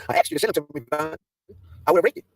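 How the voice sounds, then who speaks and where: A man's voice: a little high, lively intonation, fast talker, breathy edge, no room sound. A man hosting a livestream, ranting in a profane, confrontational way that keeps restarting and repeating itself. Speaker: livestream host. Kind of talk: heated livestream rant.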